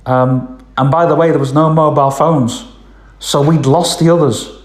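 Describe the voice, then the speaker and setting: A man's voice: on the high side, steady tone, moderate pace, roomy sound. A man telling a long casual story, rambling with lots of ums and "I says". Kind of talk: casual spoken anecdote.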